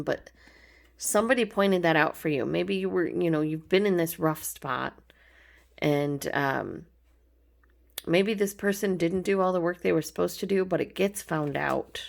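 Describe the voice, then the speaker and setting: Woman, low voice, gravelly edge, casual chatty tarot reader. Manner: chatty, informal, frequent ums, affectionate terms. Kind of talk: casual pick-a-card tarot reading.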